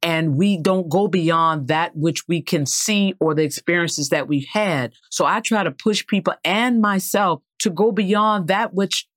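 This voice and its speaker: A man's voice: high-pitched, unhurried, hardly any pauses, a bit bright, no room sound, studio quality. A man in his fifties, from the American South, hosting an interview and speaking earnestly and emphatically. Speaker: host, former finance executive. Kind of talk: interview conversation.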